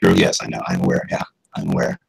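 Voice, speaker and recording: A man's voice: very deep voice, fast talker, vocal fry, slightly rough, poor audio. A man who works as a voice-over artist and actor, talking casually in an interview about his characters. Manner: animated, slips into character voices.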